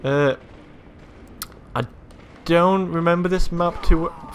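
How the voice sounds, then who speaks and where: A young man commentating his own gameplay, swearing freely, yelling at other players and boasting in jest. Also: fairly high pitch, slow, long pauses, slight background noise. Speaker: gaming channel host.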